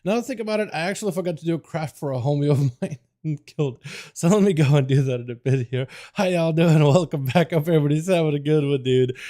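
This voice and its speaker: A tired male game streamer chatting casually with his viewers, laughing often and breaking into excited outbursts. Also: a little high, quick pace. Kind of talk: casual livestream chat.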